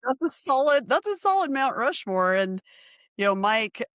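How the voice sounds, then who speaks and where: A woman hosting a podcast, chatting in a lively, friendly way as she tells her own story. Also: high-pitched, normal speed, clean tone, no echo, clean studio sound. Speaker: podcast host. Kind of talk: conversational interview.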